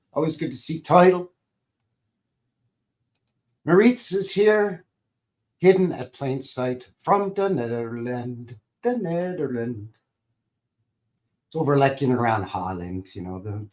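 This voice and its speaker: A man's voice: a little high, lively intonation, takes it slowly, long pauses, darkish tone. A man from Calgary hosting a casual livestream, joking, rambling and greeting viewers by name in a folksy way. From Calgary, Alberta, Canada. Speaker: livestream host.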